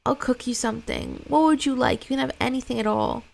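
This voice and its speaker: A woman voicing an exhausted, resentful young mother in a script read, with a gravelly edge to her voice. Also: fairly high pitch, fairly quick, voice pushed up. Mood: weary.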